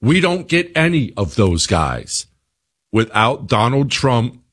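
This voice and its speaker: A man's voice: medium pitch, very animated, slow pace, a bit bright, breathy edge. A man hosting his own radio show speaks in a middle register. He delivers an opinion monologue and stacks repeated phrases for emphasis.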